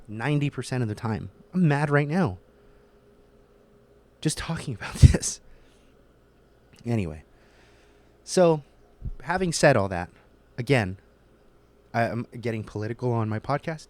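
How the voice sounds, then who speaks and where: A man's voice: medium pitch, lively intonation, a little slow, pauses often, a little mellow, no echo. Young male podcast host, solo rant, sweary and emphatic, mid-range voice. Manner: profane, heated, emphatic. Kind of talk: casual ranting monologue.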